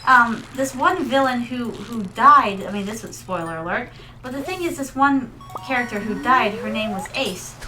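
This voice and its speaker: A woman's voice: a little high, normal speed, bright, forceful tone, faint music behind, poor audio. A woman Vtuber streamer chatting casually and rambling through stories while playing, calling her viewers her darlings. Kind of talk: casual gaming livestream chat.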